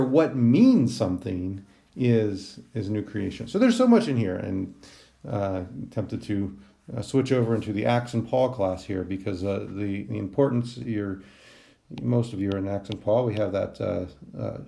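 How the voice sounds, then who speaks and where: In a recorded class lecture, a man with a fairly low, gravelly, dark voice teaches a Greek translation lesson. He's animated yet unhurried, thinking aloud with many ums and restarts.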